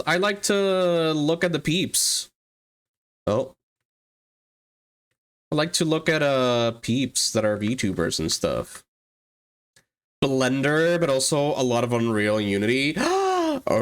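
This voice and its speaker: A livestreamer and 3D artist in casual chat who laughs often, swears freely and jumps up in pitch when excited. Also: takes it slowly, long pauses.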